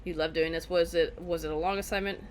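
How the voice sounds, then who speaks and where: A woman's voice: lowish voice, steady tone, fast, a little mellow. A woman streaming a game, chatting casually and rambling with lots of fillers. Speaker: let's play streamer. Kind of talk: casual gameplay commentary.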